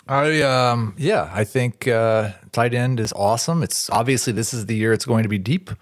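A man's voice: mid-range voice, normal speed, dry recording. A man on a sports podcast panel, speaking hesitantly with dry sarcasm. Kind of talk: casual sports podcast chat.

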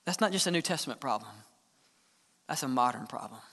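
A man preaching a sermon as the church's pastor, earnest, sometimes dropping to a hushed tone to press a point. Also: medium pitch, animated, brisk. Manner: earnest preaching, drops to hushed tones for emphasis. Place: church sanctuary. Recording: long church hall reverb.

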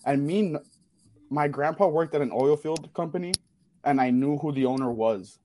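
A young man, telling a rowdy story on a talk show, swearing freely and talking fast. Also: a little high, slight background noise. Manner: profane, animated storyteller. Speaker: caller sharing a story. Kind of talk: casual storytelling.

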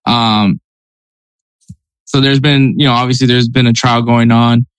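A man's voice: medium pitch, level tone, measured pace, smooth, dry recording, low-quality recording. A man hosting a podcast, talking through news headlines in a conversational, hedging way. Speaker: podcast host.

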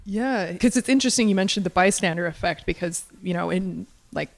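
A woman's voice: lowish voice, vocal fry. A woman interviewing a film director, asking questions in a chatty way with frequent fillers. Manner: chatty, quick to laugh, many fillers.

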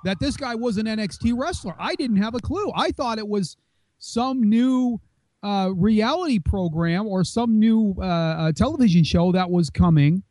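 A man's voice: high-pitched, expressive, moderate pace, warm tone, dry recording. A man co-hosting a casual wrestling podcast, rambling and teasing with many restarts. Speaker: podcast co-host.

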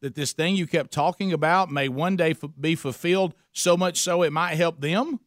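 A man hosting an interview, engaged and quick to interject, restating the guest's story and asking follow-up questions about faith. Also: a little high, no room sound, studio quality. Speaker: interviewer involved in men's ministry. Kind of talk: conversational interview.

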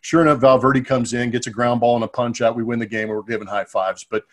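A man's voice: medium pitch, steady tone, fast, a bit bright. A middle-aged man co-hosting a podcast, telling rambling, chatty stories from his playing days. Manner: chatty, rambling anecdotes with restarts. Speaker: podcast co-host, former ballplayer. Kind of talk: casual storytelling chat.

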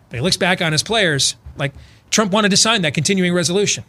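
A man co-hosting a political talk radio show, telling a story with acted-out quotes and building to loud, emphatic points. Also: fairly high pitch, fast talker.

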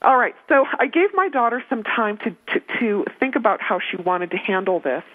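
A woman's voice: a little high, animated, moderate pace. A woman giving parenting advice on a talk show, earnest and emphatic, often repeating her key points. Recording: narrow phone-line sound.

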